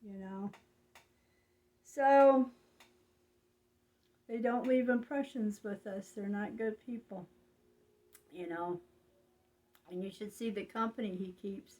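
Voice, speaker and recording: Older woman, slow confiding talker, rambling neighborhood chat. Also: medium pitch, a little mellow, poor audio. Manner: slow, rambling, confiding, with frequent "you know". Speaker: vlogger. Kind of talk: casual monologue.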